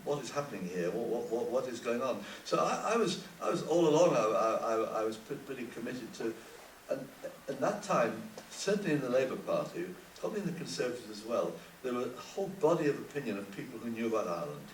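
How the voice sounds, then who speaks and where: An older man on a panel, recalling the past in halting speech full of repeated words. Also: medium pitch, sing-song. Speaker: panel guest. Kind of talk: reflective panel talk. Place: conference hall. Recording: roomy hall, distant mic, faint hiss.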